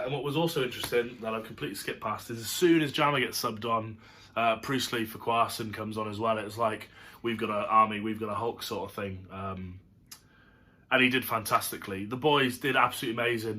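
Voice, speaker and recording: Chatty bloke, bright forceful voice. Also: male voice, mid-range voice, fairly even intonation, a little fast. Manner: chatty and rambling, lots of fillers and asides. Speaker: football fan reviewing a match. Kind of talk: casual to-camera match review. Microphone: camera setup.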